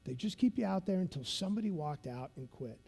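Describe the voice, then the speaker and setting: A man gives a conference keynote from the stage, telling his story with big swings in pitch and drama. His voice sits high but has a mellow, dark tone, with faint music far behind. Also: expressive, fast, vocal fry, husky. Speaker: keynote speaker.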